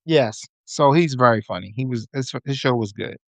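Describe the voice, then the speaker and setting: A man in casual podcast chat, spinning slangy, profane stories at a middling pitch. His voice has a gravelly, fried edge. The sound is dry and close, with no room around it. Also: moderate pace, a bit bright, no room sound. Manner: loose, profane storytelling with slang. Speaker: podcast guest.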